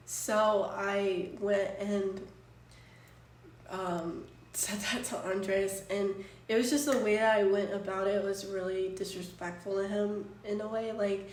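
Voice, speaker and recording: A woman in her twenties, a streamer, telling a long story in casual chat, full of fillers and restarts. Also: mid-range voice. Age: 20s. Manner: rambling, filler-heavy storytelling. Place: apartment room. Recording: roomy distant mic, faint room noise.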